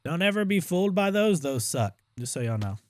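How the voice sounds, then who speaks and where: A young man giving casual gameplay commentary as a streamer, chatty, with exaggerated complaints and excited outbursts. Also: high voice, a little fast, dry recording. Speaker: gaming streamer.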